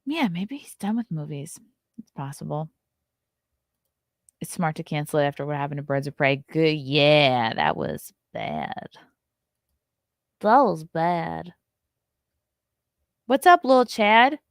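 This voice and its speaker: A woman's voice: sits low, sing-song, takes it slowly, creaky, pauses often, dry recording, studio quality. A young adult woman hosting a casual morning talk show, reading news items aloud and breaking in with blunt, swearing asides. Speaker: podcast host.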